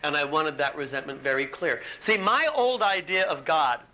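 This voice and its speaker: A man's voice: fairly high pitch, moderate pace, pushed and bright, low-quality recording. A man giving a candid, self-mocking recovery talk at a retreat, acting out his own inner argument as he tells the story, recorded on an old tape. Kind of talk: personal recovery talk to a live audience. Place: retreat meeting room. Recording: old tape with faint hiss.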